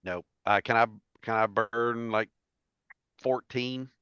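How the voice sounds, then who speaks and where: A man's voice: mid-range voice, steady tone, slow, pushed and bright, smooth. A man playing a tabletop game, giving short agreeable replies. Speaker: player. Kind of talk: casual tabletop play. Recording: dull lo-fi mic.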